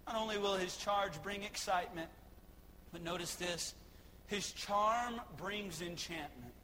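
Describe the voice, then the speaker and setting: High, bright-voiced preacher who shouts. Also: male voice, unhurried, in a large hall, slight background noise, low-quality recording. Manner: preaching with rising shouted emphasis; repetitive rhetorical questions. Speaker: pastor. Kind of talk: sermon.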